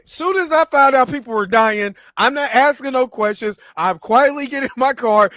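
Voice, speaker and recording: A man's voice: very high-pitched, moderate pace, hardly any pauses, sharp tone, no echo, clean studio sound. A man co-hosting a casual livestream chat, laughing and protesting a lot. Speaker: co-host.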